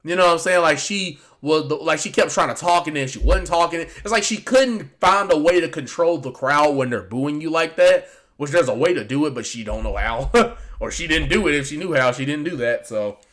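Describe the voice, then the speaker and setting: A man's voice: a little high, lively intonation, brisk, fairly bright tone. A man giving casual, rambling reaction commentary on a show, with lots of fillers and restarts. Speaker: wrestling commentary YouTuber.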